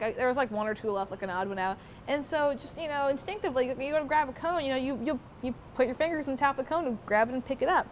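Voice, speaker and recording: A young adult woman telling a story about her old job to the camera in a casual, animated way, swearing often. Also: a little high. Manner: profane, animated, swears freely. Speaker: former theme park worker telling her story. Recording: noisy background.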